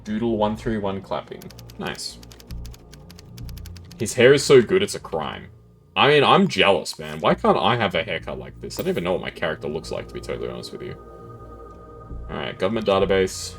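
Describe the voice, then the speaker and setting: A man's voice: deep voice, sing-song, fairly quick, faint music behind. A man casually commentating his gameplay as a streamer, chatty and laughing often, with keyboard typing close to the mic.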